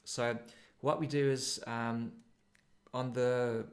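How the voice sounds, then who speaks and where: A man's voice: medium pitch, little pitch movement, slow pace. A man with a South African accent, a surf coach talking casually and explaining technique with demonstrations. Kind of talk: casual instructional chat.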